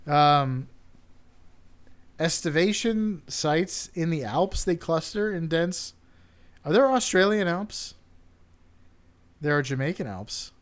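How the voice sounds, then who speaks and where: A man co-hosting a casual comedic podcast chat, jokey and laughing often as he reads out facts haltingly. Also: on the high side, animated. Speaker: podcast co-host.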